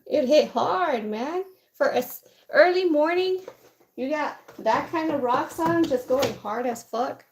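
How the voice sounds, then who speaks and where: Chatty woman, blunt and high-voiced. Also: animated, a little slow, slight background noise. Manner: chatty, blunt, swears casually. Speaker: streamer. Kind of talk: casual chat while doing makeup. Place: at home, putting on makeup.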